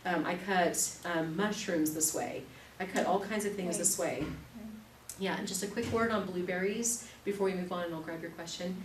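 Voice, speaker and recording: A woman in her thirties teaching an evening class, chatty and animated, telling stories with quick laughs. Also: lowish voice. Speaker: class instructor. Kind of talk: live classroom demonstration. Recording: echoey room, distant mic, faint noise.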